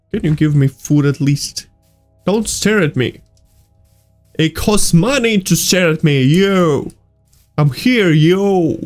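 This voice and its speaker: Excitable high-voiced man playing a horror game. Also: slow pace, long pauses. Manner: excitable, yelps and laughs, non-native phrasing. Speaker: gaming YouTuber. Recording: faint music behind.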